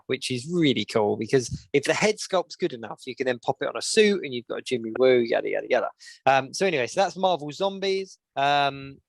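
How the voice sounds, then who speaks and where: A man co-hosting a podcast, chatting casually and listing news with many pauses. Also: medium pitch, gravelly, dry recording. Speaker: podcast co-host. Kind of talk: casual chat.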